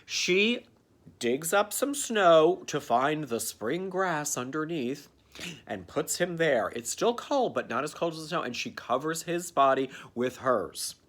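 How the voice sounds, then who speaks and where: A man giving a campy, sarcastic comedic recap of a cartoon, dropping into quick character voices. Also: fairly high pitch, sing-song, fairly bright tone. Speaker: comedic reviewer.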